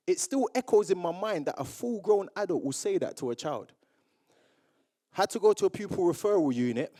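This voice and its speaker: A young man from Jamaica giving a motivational speech to a live audience, telling his story in a lively way and acting out old conversations. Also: sits high. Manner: animated storyteller who acts out remembered dialogue. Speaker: public speaker. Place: awards event room with audience.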